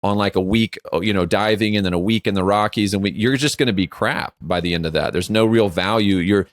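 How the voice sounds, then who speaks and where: Brisk and lowish in voice, a man in his forties co-hosts a podcast, telling stories in casual chat as an animated storyteller who acts out quotes and says "like" frequently. The recording is dry, with clean studio sound.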